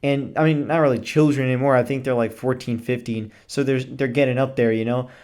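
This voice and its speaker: A young man reviewing a movie in a casual chat, gushing with excitement, swearing freely and laughing often. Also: medium pitch, fairly quick.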